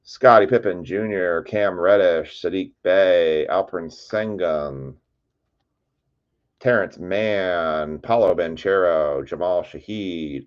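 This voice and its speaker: A man hosting a live card break, chatty and excitable, calling out player names and shouting over big pulls. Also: deep voice, slow, dull audio.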